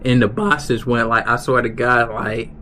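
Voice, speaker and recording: A man's voice: mid-range voice, steady tone, a little slow, bright, forceful tone. Young guy streaming, rambly story full of restarts, faint noise behind. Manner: rambling, many restarts and fillers. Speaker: livestreamer. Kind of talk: casual storytelling.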